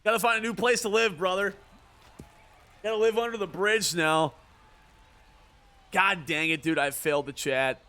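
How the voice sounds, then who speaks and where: A man's voice: high-pitched, unhurried, long pauses, sharp tone. A man streaming a baseball video game, joking and ribbing his chat in casual commentary. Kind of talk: casual livestream gaming commentary.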